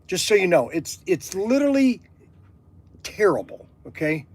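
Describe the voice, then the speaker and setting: A man from Ohio, hosting a livestream, talking excitedly and stammering with gushing enthusiasm. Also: sits high, moderate pace. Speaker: livestream host. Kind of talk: casual phone chat. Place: workshop.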